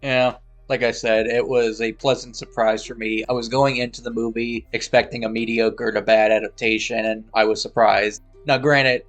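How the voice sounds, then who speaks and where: A man's voice: mid-range voice, level tone, moderate pace, fairly bright tone, faint music behind. Laughing man in casual podcast chat. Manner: laughs often while talking. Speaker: podcast co-host.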